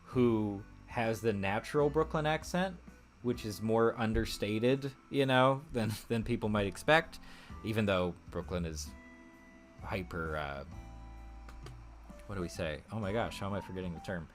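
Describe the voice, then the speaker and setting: A man's voice: on the low side, a little slow, faint music behind. A man hosting a casual live stream, chatting in a rambling way, thinking aloud with many fillers and frequent laughs. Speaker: streamer host.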